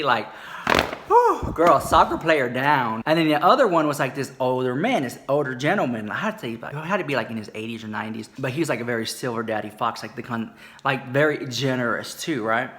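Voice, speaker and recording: A man telling a gossipy story in a campy, sassy manner, calling the listener "girl" and jumping into high squeals and whispers. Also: lively intonation, fairly quick, a bit bright. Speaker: comedic storyteller.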